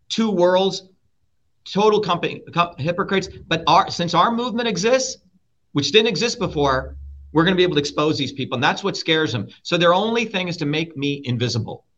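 A man's voice: a little high, a bit bright. Combative, profane man on a muffled line. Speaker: guest, political candidate. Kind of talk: heated interview talk. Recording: muffled lo-fi sound.

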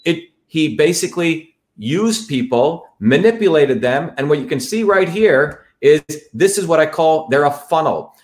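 A man from India hosting a political monologue, talking in an emphatic, repetitive, rallying way as he introduces his guest. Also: fairly high pitch. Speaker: host.

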